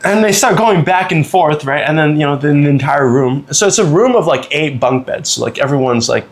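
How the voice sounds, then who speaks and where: A man's voice: fairly high pitch, a little fast. A young man from Canada hosting a podcast, telling a travel story casually with many fillers. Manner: relaxed, lots of fillers and laughs. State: recovering from a cold. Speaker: podcast host. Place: indoors, on vacation.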